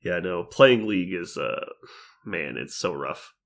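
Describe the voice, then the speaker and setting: A man's voice: deep voice, expressive, unhurried, gravelly. A young man co-hosting a casual podcast, swearing freely, laughing often and acting out quotes in a raised voice. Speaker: podcast co-host.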